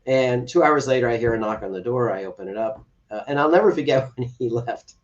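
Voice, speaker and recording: A man with a mid-range voice speaks briskly and expressively as a podcast guest. He's an adoptive father telling an earnest personal story in an interview, acting out the quoted dialogue. The podcast audio sounds distant and slightly dull.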